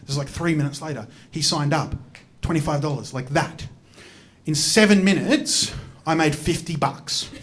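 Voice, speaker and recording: An Australian man performing stand-up comedy on stage, swinging from mumbled asides to loud outbursts. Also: fairly high pitch, normal speed. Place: stage at a live comedy show.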